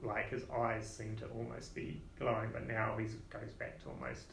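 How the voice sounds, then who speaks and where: A low-voiced man runs a tabletop game as its narrator, describing the scene loosely and casually. The recording is roomy, with a faint hiss underneath. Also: little pitch movement, normal speed, vocal fry, a bit bright. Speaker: game master. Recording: roomy echo.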